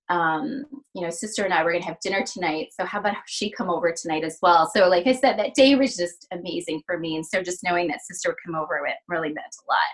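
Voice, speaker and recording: A woman's voice: medium pitch, low-quality recording. Middle-aged woman guest on a podcast, earnest, stumbles and restarts, plays out the conversations she had. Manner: earnest, many fillers and restarts, acts out quoted dialogue. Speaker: physical therapist and practice owner, podcast guest. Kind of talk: emotional personal story in a podcast interview.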